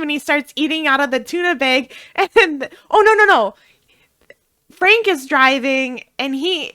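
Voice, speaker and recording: A woman co-hosting a podcast in casual chat, telling stories in an animated way and swearing a lot. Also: sits high. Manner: animated, swearing, laughing storyteller. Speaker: podcast co-host.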